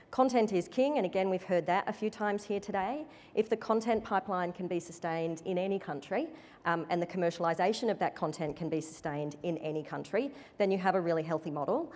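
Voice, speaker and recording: A woman executive speaking on a conference panel, in a measured, careful corporate manner. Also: fairly low pitch, a little mellow. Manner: measured, corporate, careful to avoid direct answers. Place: conference stage before an audience. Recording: reverberant conference hall.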